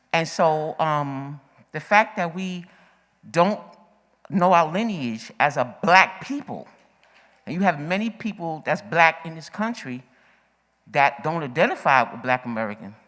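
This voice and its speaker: A woman with a low voice takes the open mic at a community forum. She is a little out of breath, and her remarks are emphatic and repetitive, pressing hard on the urgency. The long echo of a meeting hall surrounds her. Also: fairly bright tone. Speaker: audience member speaking at a forum. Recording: echoey hall.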